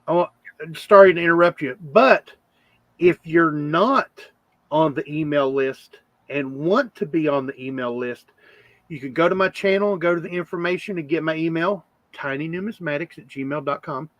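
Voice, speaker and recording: A man's voice: fairly high pitch, normal speed, fairly bright tone, no room sound, dull audio. A man hosting a casual livestream chat, rambling with lots of fillers. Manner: rambling, chatty with frequent fillers. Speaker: channel host.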